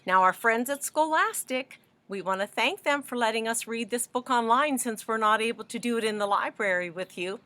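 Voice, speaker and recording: A woman librarian reading a picture book aloud to children, animated and asking them questions as she goes. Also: a little high. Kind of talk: children's story read-aloud.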